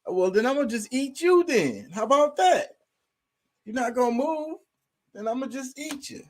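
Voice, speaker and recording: A man voicing a rude, impatient house cat that demands to be fed, in a high, mocking, profane voice. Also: animated, normal speed, a little mellow. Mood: demanding.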